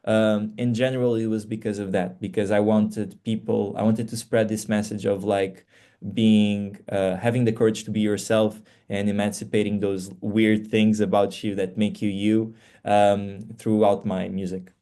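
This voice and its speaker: A man's voice: fairly low pitch, little pitch movement, normal speed, warm tone. A young Portuguese man with a Portuguese accent, a singer chatting earnestly in an interview, with lots of fillers and restarts. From Portugal (Faro). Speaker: singer, guest. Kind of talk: casual interview chat.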